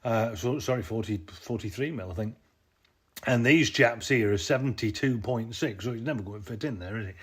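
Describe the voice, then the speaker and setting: Husky and fairly quick, this medium-pitched man's voice belongs to a vehicle owner filming himself on a handheld camera. He stands beside a jacked-up off-roader and rambles through his work for a casual how-to vlog, correcting himself along the way.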